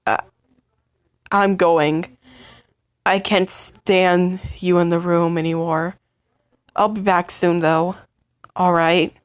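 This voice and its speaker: A woman voicing an upset young partner in a fight with the listener, stammering and halting in emotional outbursts. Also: lowish voice, gravelly, dry recording. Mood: resigned. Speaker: voice actor in a listener role-play. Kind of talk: listener role-play audio drama.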